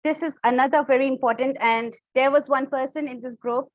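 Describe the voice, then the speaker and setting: A woman with an Indian English accent runs an online public speaking class, explaining each point and demonstrating different tones of voice. Her voice sits high. The recording is dry and slightly dull, as from a call. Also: steady tone, fairly quick, no echo. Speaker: public speaking workshop instructor. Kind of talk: live online class teaching.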